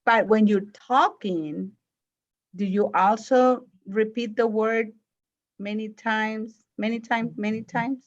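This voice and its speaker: Slow, hesitant woman student asking questions. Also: on the high side, steady tone. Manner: hesitant, searching for words. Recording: muffled lo-fi recording.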